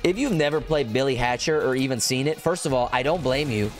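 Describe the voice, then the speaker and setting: A young man streaming a game, chatting casually and rambling with excitement, swearing and breaking into high whoops. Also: a little fast, faint music behind. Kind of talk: casual gameplay commentary.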